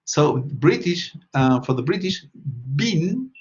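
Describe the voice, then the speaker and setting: Slow, patient male teacher. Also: fairly high pitch, animated, lo-fi sound. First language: Spanish. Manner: patient, repeats questions and prompts students. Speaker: English teacher. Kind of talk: classroom English lesson.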